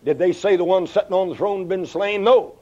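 Preacher guy, fairly high but mellow voice, muffled old sermon tape. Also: fairly quick. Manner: animated, sweeping pitch swings, quotes scripture in old English.

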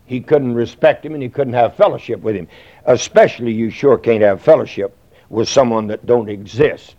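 A man's voice: mid-range voice, normal speed, warm tone. A man preaching a sermon in a folksy, rambling way, full of fillers and plain talk. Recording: dull lo-fi recording.

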